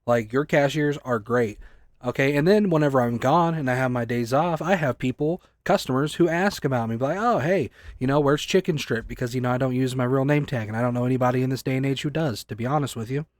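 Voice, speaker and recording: A man's voice: medium pitch, fast talker, few pauses, dry recording, studio quality. Angry young man ranting. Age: 20s. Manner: heated, profane, ranting, often rising to near shouting. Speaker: convenience store clerk. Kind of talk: angry rant to camera.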